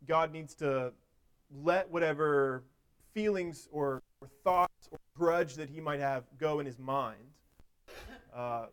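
A man giving a sermon in a conversational way, with frequent restarts and everyday illustrations. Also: a little high. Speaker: preacher.

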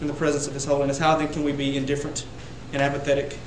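A man's voice: fairly high pitch, monotone, very fast, noisy background. Emphatic preacher man in an echoey room. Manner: building to loud emphatic peaks on repeated words. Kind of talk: sermon. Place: church sanctuary.

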